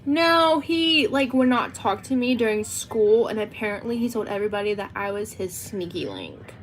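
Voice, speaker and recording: A woman's voice: medium pitch, expressive, brisk, a little mellow, a little hiss or hum. A teenage girl with a Southern US accent, chatting and giggling to her livestream chat. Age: teens. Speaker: livestream host.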